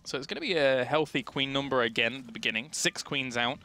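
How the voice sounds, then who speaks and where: A man's voice: mid-range voice, fast talker, bright, forceful tone. A young man from England with a southern English accent, commentating a live esports match with chatty, joking banter. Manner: chatty, jokey, laughs often.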